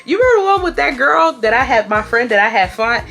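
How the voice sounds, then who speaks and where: Woman, 20s, high and bright, loose, swearing storyteller who acts out her own shouting. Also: quick pace, creaky, soft background music. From Houston, Texas. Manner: animated and profane, acting out shouted quotes. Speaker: vlogger. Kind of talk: casual storytime.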